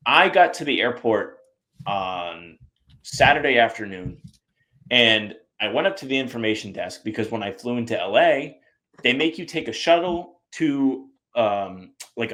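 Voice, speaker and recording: A man from the US Northeast, co-hosting a sports podcast in casual chat, animated and acting out the people he quotes. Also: on the low side. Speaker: podcast co-host.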